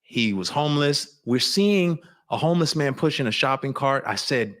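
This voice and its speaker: A man speaking as a guest on an interview show, with an ordinary middle pitch. He talks earnestly and confessionally, reflecting as he goes. He often restarts sentences mid-thought. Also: animated, normal speed, a bit bright. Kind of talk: candid personal storytelling.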